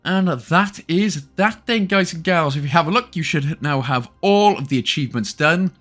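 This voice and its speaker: A man's voice: on the high side, lively intonation, moderate pace, fairly bright tone. A Welsh man hosting an achievement guide, talking chattily with joking asides. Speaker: gaming channel host. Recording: faint game music behind.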